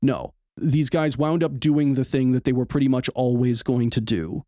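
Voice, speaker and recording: A man's voice: mid-range voice, steady tone, normal speed, dark tone, no room sound, studio quality. A man hosting a podcast in casual chat, blunt and rambling, swearing freely. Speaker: podcast host.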